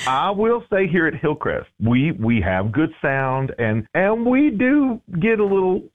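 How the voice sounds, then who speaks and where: A man's voice: on the high side, big pitch swings, unhurried, phone-quality sound. A man, a worship pastor, talking as a guest on a radio show, telling stories with repeated words and lots of "you know". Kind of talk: radio talk show conversation.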